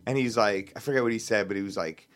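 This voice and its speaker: A man co-hosting a podcast, talking in a relaxed, rambling way with lots of fillers. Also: lowish voice, quick pace. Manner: relaxed, rambling, heavy use of filler words. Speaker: podcast co-host. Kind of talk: casual chat.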